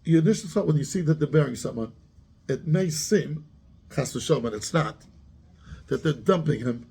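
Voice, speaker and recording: Male rabbi, slightly high voice, raspy, questioning a class. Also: expressive, moderate pace, warm tone. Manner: asks the class questions, mixes Hebrew terms into English. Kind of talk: Torah class, lively explanation with questions to students.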